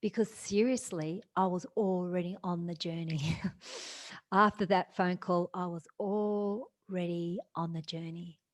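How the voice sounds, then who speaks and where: A woman telling a personal story in an earnest, emotional way, with soft laughs between phrases. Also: lowish voice, fairly even intonation, unhurried. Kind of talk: personal testimony.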